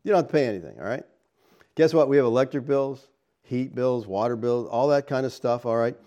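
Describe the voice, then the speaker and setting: A man's voice: fairly quick, mellow, muffled recording. A middle-aged man preaching a sermon as pastor, talking casually to the congregation and often asking "okay?" and "all right?". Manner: acts out quoted people in a higher voice.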